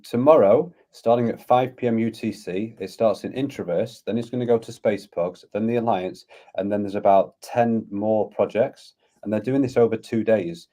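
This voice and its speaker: A man's voice: lowish voice, normal speed, hardly any pauses, mellow. A man, a guest on a podcast, talking eagerly and at length in a casual conversation. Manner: eager, rambling, talks at length. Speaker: guest, crypto community founder.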